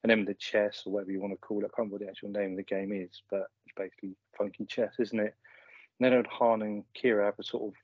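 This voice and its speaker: Male co-host, slightly low voice, dry close mic, dull lo-fi recording. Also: little pitch movement, quick pace, dry recording. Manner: laid-back, sweary, laughs often. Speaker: podcast co-host. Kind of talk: casual film review chat.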